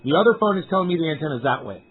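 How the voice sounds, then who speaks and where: A man races through his words in a fairly high, husky voice with lively intonation, rambling and cursing to his viewers on a mountaintop live stream. It's recorded on a cell phone, so the audio is tinny.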